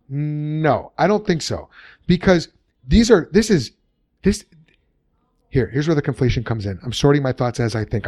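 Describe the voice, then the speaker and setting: A man co-hosting a podcast, talking casually and thinking out loud with frequent restarts. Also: medium pitch, no room sound. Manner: animated, thinks aloud with restarts. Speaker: podcast co-host. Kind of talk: casual discussion.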